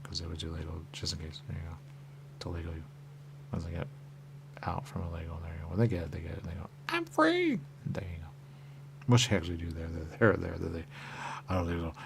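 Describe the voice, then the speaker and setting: A man's voice: low-pitched, gravelly, slight background noise. A man talking in a rambling monologue who keeps repeating the same stock phrase and drifts into whispers. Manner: repetitive, keeps saying "there you go", drifts into whispers. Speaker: radio talk host. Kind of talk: rambling stream-of-consciousness monologue.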